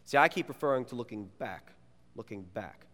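A man, a youth pastor, preaching a sermon and telling stories in an animated, playful way. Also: medium pitch, brisk. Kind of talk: sermon with personal storytelling. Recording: long reverb of a large hall.

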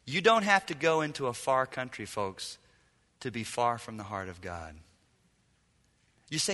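A male pastor preaching a sermon, swinging dramatically from loud, lively lines to hushed ones. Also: on the low side, a little slow, in a large hall. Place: church hall.

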